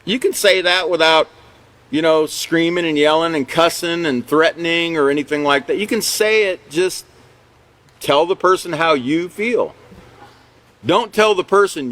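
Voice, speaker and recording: A man leads a live character education class, talking it through conversationally. His voice sits a little high for a man. He checks in with "okay" and "you know" and chuckles now and then. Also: animated, moderate pace, fairly bright tone.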